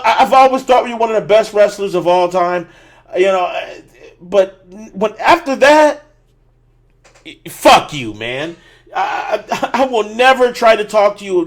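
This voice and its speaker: A man hosting a podcast, ranting with a lot of swearing in casual chat. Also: sits high. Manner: profane, ranting. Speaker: podcast host.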